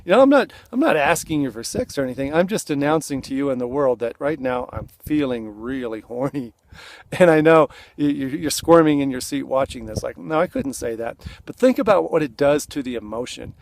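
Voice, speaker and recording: A man's voice: medium pitch, animated, a little fast, dry recording. A man coaching other men straight to camera in an earnest, conversational way, acting out the lines he suggests they say. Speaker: relationship coach. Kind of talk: direct-to-camera coaching talk. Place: indoors, seated.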